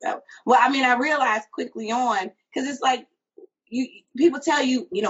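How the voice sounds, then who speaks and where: A woman's voice: sits high, normal speed, husky. A woman hosting an interview show, asking eager, admiring questions. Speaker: show host. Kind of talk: interview chat. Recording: dull lo-fi audio.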